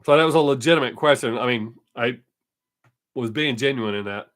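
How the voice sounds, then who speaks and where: A man's voice: medium pitch, brisk, a bit bright. A man hosting his weekly live stream, chatting casually and answering viewer comments, brushing off critics. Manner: dismissive of critics.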